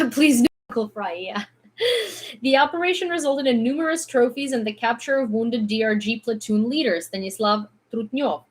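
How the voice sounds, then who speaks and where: A woman's voice: fairly high pitch, moderate pace, slightly rough. Chatty Ukrainian woman streaming news. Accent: mildly American-sounding English. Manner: chatty and rambling, many fillers. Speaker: news livestreamer. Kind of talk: casual news commentary stream.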